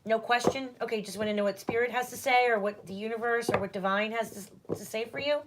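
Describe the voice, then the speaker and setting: A woman's voice: fairly high pitch, steady tone, fast talker, noisy background. A woman doing a casual livestream tarot reading at home, chatty and reassuring as she talks straight to her viewers.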